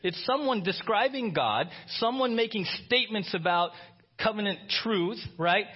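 Husky-voiced male pastor preaching. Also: sits high, normal speed, muffled recording. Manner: animated, asks the congregation "right?" often. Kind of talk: conversational sermon.

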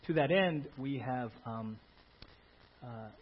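A man working as a pastor, making an animated church announcement with plenty of fillers and restarts. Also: medium pitch, takes it slowly. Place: church sanctuary. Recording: dull lo-fi church audio, faint hum.

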